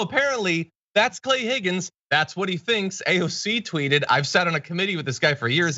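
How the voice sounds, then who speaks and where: A man hosting a political news commentary show, reading out quotes with deadpan, mocking asides. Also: on the high side, lo-fi sound.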